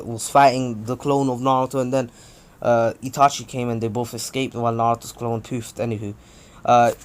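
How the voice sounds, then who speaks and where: A young man casually retelling a fan-made story, rambling with frequent fillers and self-corrections. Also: mid-range voice.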